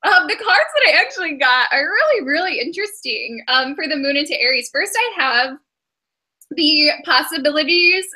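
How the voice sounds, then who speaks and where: A woman's voice: high voice, lively intonation, normal speed, bright, forceful tone. A woman giving a casual tarot and astrology reading, chatty and often breaking into giggles. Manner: giggly, chatty, many fillers.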